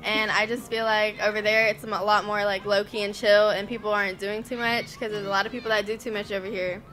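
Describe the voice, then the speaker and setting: A woman's voice: mid-range voice, flat delivery, fast, a bit bright, soft background music. An American woman giving her opinions casually in an interview. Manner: casual and opinionated, says like a lot. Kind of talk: casual chat.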